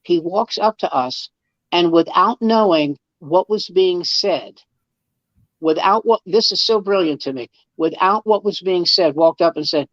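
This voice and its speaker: A man's voice: high-pitched, measured pace, fairly bright tone, dry recording. Comedian man telling a story on a dull, dry recording. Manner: acts out quoted dialogue with repeated restarts. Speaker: comedian guest. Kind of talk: casual anecdote telling.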